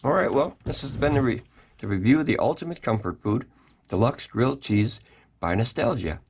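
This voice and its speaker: A man's voice: medium pitch, lively intonation, brisk, noisy background. A man hosting a casual product review vlog, chatty and folksy, talking straight to his viewers from a home kitchen.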